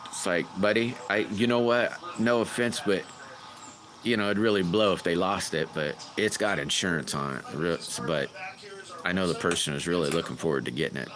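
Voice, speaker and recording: A man casually chatting with viewers on his livestream, rambling and greeting people by name. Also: fairly low pitch. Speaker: livestream host.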